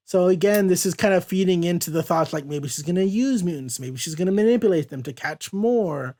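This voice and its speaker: A man's voice: sits high, warm tone. A man hosting a casual podcast, walking through a comic page by page and reading lines aloud in loose paraphrase. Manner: reads character lines aloud in quick, loose paraphrase, laughs often. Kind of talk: casual comic review chat.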